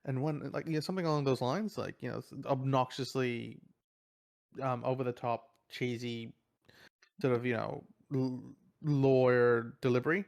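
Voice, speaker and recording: A man's voice: medium pitch, fairly even intonation, normal speed, creaky, darkish tone. A man co-hosting a podcast, casually recapping a film with many restarts. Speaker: podcast co-host. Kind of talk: casual chat.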